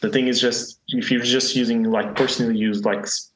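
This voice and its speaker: A man's voice: medium pitch, flat delivery, fairly quick, a bit bright, echoey room, a little hiss or hum, poor audio. A Portuguese man, a guest on a podcast, speaking English with a Portuguese accent in a hesitant, hedging way with many fillers. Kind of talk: casual chat.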